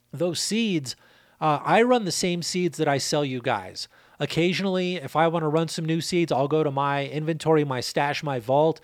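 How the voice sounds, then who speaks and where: Brief: casual male host, slightly higher pitch, dry close sound, easygoing and profane. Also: dry recording. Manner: laid-back, swears casually, repeats numbers. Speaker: seed breeder and channel host. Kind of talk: casual answering of a viewer question.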